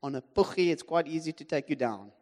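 A man's voice: a little high, lively intonation, brisk, a little mellow. A man with a South African accent preaching a sermon, telling a story with animation and humor and putting questions to the congregation. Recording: long hall reverb.

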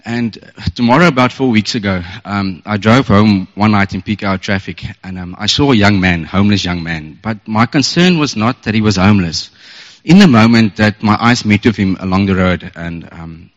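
A man's voice: on the low side, moderate pace, big-room sound. Earnest man telling a story. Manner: emotional, earnest, chuckles often. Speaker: church member sharing a testimony. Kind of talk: storytelling testimony. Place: church service. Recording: dull muffled sound.

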